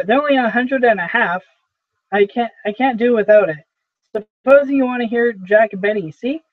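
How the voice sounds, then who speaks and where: Man reading as chatty dismissive young boss, high-ish voice, tinny phone-like audio. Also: dry recording. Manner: chatty, offhand. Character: brisk young male boss, gadget-obsessed, dismissive. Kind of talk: amateur play reading.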